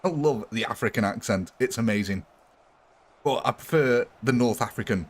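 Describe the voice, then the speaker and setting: A man's voice: medium pitch, normal speed. A man chatting casually on a live gaming stream, laughing often and answering chat.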